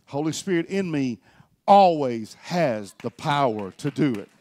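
A middle-aged man preaching a sermon as pastor, swinging between loud exhortation and quiet reflection. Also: fairly high pitch, lively intonation, brisk.

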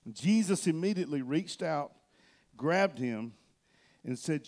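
A male pastor preaching a sermon from a church stage, telling the story with animation and swinging between loud and soft. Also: fairly high pitch, expressive, unhurried, long pauses.

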